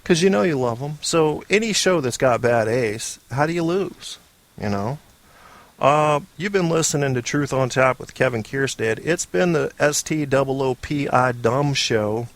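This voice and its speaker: A man's voice: mid-range voice, animated, measured pace. A man hosting an internet radio show alone, rambling in a casual monologue with dry, self-mocking humor and casual swearing. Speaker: podcast host.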